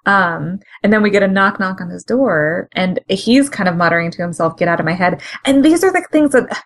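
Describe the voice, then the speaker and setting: A woman's voice: medium pitch, normal speed. Chatty woman co-hosting a comics podcast. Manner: chatty and animated, with frequent fillers and laughter. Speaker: podcast co-host. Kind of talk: casual comic-book recap chat.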